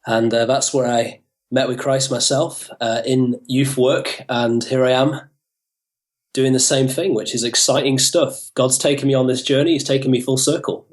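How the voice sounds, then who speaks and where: A man's voice: mid-range voice, fairly even intonation, moderate pace. A young British man from northern England, a guest on a podcast, talking in an upbeat way and laughing easily. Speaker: guest, youth worker. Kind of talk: casual podcast interview.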